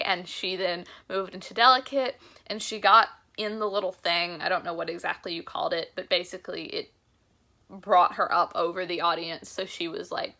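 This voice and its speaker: A woman's voice: lowish voice, fairly even intonation, normal speed, sharp tone. A young woman vlogger telling a concert story in a chatty, gushing way, full of "like" fillers. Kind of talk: casual storytelling vlog.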